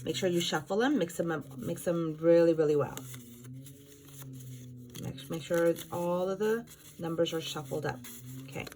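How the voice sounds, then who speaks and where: A woman teacher giving a slow, patient math lesson to young children, counting aloud and chanting rhymes. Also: fairly low pitch, a little mellow, a little hiss or hum. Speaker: kindergarten teacher.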